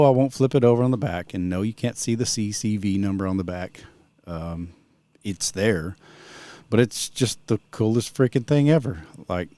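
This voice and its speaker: Middle-aged man, low and warm, chatty vlogger who wanders off on tangents, dry close sound. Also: no echo. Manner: rambling, drifts onto sidetracks. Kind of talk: casual vlog chat.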